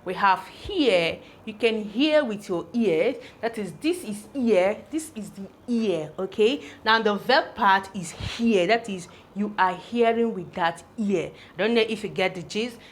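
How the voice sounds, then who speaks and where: Slow, deliberate woman teaching pronunciation. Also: medium pitch, expressive, a little hiss or hum. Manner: sounds out letters and repeats words.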